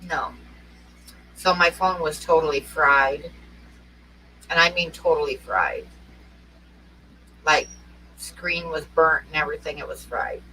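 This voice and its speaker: A woman's voice: low-pitched, slow pace, pauses often, bright, forceful tone. A middle-aged woman from Oregon telling rambling anecdotes in casual chat, often breaking into laughter. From Oregon, USA. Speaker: co-host. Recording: distant mic with faint noise.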